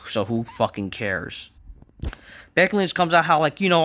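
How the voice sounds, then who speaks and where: A man's voice: on the high side, very animated, moderate pace, long pauses, a bit bright. Frustrated man ranting a wrestling review. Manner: frustrated, profane, rambling.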